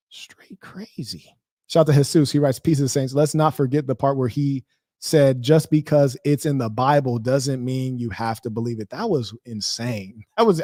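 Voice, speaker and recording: Male livestream host, combative trash talk, slightly high voice, dry close mic. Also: a little mellow, no echo. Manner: confrontational, trash-talking, slangy. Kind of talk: heated livestream commentary.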